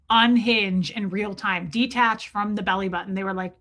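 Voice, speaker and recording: A woman hosting a livestream, telling a wild story to her chat in an animated way, full of "like" and swearing. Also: mid-range voice, moderate pace. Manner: animated, lots of "like" fillers and cursing. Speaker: livestream host. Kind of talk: casual storytelling to a live chat.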